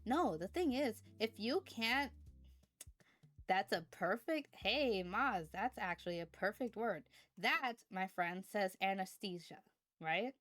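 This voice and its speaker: A woman's voice: medium pitch, lively intonation, takes it slowly, fairly bright tone, faint music behind. Chatty woman streamer, rambling. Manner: rambling, chatty, thanks chat viewers. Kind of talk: casual chat stream.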